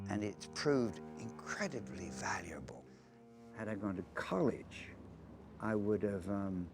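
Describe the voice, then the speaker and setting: A man from London recalling his working life in a documentary interview, reflective and candid. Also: deep voice.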